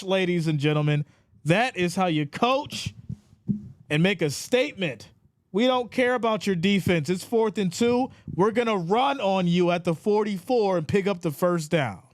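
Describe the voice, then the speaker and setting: A man hosting a live stream, calling the plays and reading viewer chat in an animated voice. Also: no room sound, clean studio sound. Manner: animated, rises in pitch when excited. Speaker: live stream play-by-play host. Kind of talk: play-by-play commentary with chat reading.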